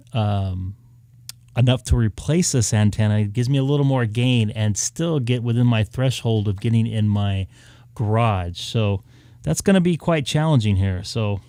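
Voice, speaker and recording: A man's voice: lowish voice, a little slow, warm tone, no echo. A man from southern California streaming live about ham radio, rambling and thinking aloud with lots of fillers as he browses. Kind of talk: casual live-stream chat. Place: home room upstairs.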